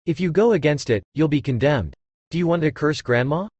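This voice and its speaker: A man's voice: a little high, expressive, a little fast, darkish tone, no room sound, dull audio. A man voicing a cool, mocking young husband. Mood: calm. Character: calm, mocking young son-in-law.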